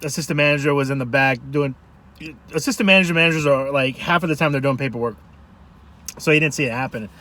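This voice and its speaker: A man food vlogger telling a rambling, animated story to camera from a parked car. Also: mid-range voice, quick pace. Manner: rambling, animated, self-interrupting.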